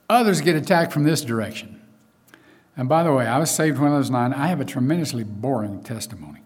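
A man's voice: mid-range voice, animated, brisk. A man preaching a sermon in a conversational way, with frequent asides and fillers.

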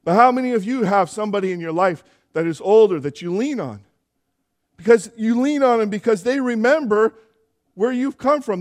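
A man's voice: high-pitched, moderate pace. A younger man preaching a sermon as pastor in a church, earnest and building to emphatic exhortation.

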